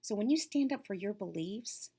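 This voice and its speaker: A woman's voice: mid-range voice, animated, moderate pace, mellow, breathy edge. A woman giving an upbeat, encouraging talk to young girls, coaching them and dropping to a whisper for emphasis. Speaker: lead facilitator for girls' self-esteem class.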